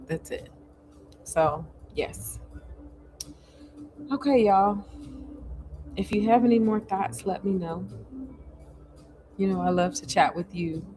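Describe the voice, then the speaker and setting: A woman's voice: fairly low pitch, measured pace, pauses often, music in the background. Earnest woman host coaching viewers. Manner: earnest, animated, coaching, self-reflective. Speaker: host answering viewer comments. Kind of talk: casual livestream chat.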